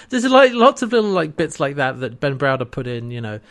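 A man's voice: medium pitch, very animated, brisk, fairly bright tone. A man co-hosting a casual podcast, recapping a TV episode, often laughing and acting out lines. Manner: chatty, laughs often, acts out quotes. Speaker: podcast co-host.

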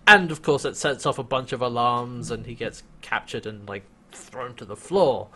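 Casting: male podcast co-host, casual and animated, laughs a lot as he recaps. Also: medium pitch, normal speed, a little hiss or hum. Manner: animated, laughs often, acts out quoted lines.

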